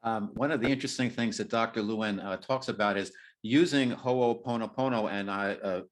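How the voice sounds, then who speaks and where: A man hosting an interview podcast, asking questions in a halting way and searching for his words. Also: fairly low pitch. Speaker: podcast host.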